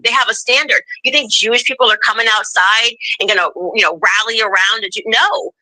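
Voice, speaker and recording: Bright-voiced woman talking politics, emphatic, super dry close sound. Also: fairly high pitch, a little fast, no room sound, low-quality recording. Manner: emphatic, mimics voices in quotes. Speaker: political commentator. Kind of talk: interview answer, played clip.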